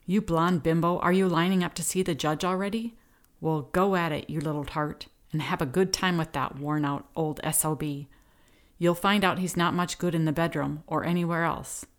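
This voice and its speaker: A woman voicing an angry, shrill woman screaming insults at her husband. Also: steady tone, normal speed. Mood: furious.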